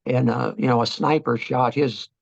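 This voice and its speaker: An older man, a veteran, telling his wartime memories in an oral history interview, halting and reflective with many restarts. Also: mid-range voice, steady tone, creaky, dry recording, dull audio.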